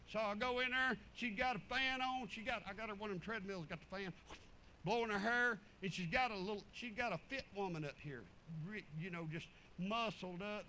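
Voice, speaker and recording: A man preaching, telling folksy stories in an animated, drawling way. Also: high-pitched, slight background noise, poor audio. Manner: animated, drawling storyteller with chuckles. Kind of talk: folksy sermon storytelling.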